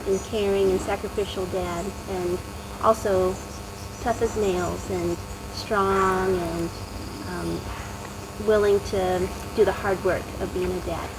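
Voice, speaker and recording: A mother chimes in on a home podcast, earnest and warm in her praise, pausing for words. Steady background noise runs behind her voice. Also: mid-range voice. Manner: earnest and affectionate, searching for words. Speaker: mother and show producer. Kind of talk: casual family podcast chat.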